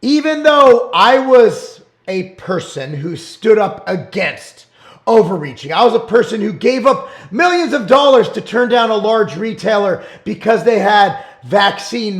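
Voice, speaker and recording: A middle-aged man hosting his own show, talking bluntly and emphatically in a casual monologue, sometimes rising to shouts. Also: high-pitched, animated, unhurried. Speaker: show host and supplement business owner. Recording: roomy echo.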